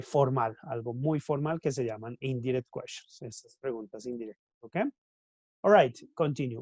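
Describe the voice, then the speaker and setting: A man's voice: mid-range voice, darkish tone, dry recording. A man, a Spanish speaker, teaching an English class and often checking in with "okay?". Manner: switches between English and Spanish, many tag questions. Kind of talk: online class lecture.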